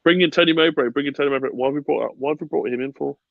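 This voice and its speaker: A man hosting a casual football podcast, animated and swearing freely, with bursts of laughter. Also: on the high side, very fast, creaky, no echo, phone-quality sound. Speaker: podcast host.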